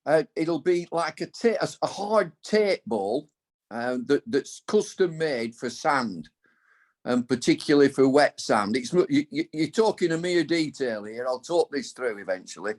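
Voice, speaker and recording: A man's voice: mid-range voice, expressive, normal speed, darkish tone. An older man chatting casually as a podcast co-host, rambling through playful, tongue-in-cheek ideas. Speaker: co-host and cricket pundit. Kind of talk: casual chat.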